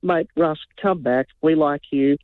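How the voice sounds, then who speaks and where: A man's voice: a little high, a little slow. A man calling in to a radio show, rambling casually and laughing. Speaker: caller. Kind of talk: casual phone call. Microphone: phone. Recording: tinny phone line.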